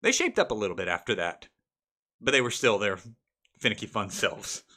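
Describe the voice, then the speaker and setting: A young man recounting his first tabletop game session as game master, animated and laughing often. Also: lowish voice, moderate pace. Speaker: game master telling a story. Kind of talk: casual storytelling vlog.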